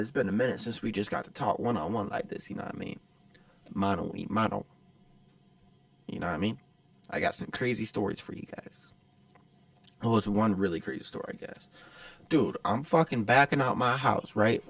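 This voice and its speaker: A man's voice: lowish voice, normal speed, vocal fry, pauses often, a bit bright, no room sound. A man hosting his own podcast, telling a story in a rambling, profane, casual way. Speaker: podcast host.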